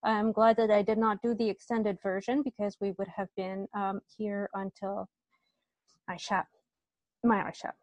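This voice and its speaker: A woman's voice: mid-range voice, flat delivery, unhurried, a little mellow, no room sound. A woman teaching an online Arabic grammar class, explaining step by step and often checking with students, with a slight cough.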